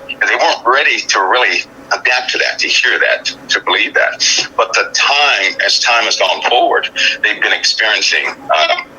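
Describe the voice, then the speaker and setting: A man with a somewhat low, very sharp and tense voice calls in on a cell phone. He speaks haltingly, stumbling over and repeating words as he builds a grave, foreboding point. A faint hiss sits under his voice. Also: poor audio. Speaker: guest. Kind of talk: call-in interview.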